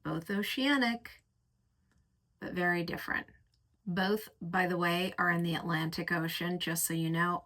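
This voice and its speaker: A woman's voice: on the low side, fairly bright tone. A woman reviewing perfumes in a casual, effusive chat, painting vivid pictures and lingering over her words. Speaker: fragrance reviewer.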